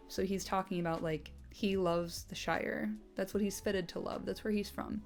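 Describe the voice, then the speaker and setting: Woman, casual book commentary, chatty, sweary, laughs a lot, mid-pitched voice, faint background music. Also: measured pace. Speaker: host.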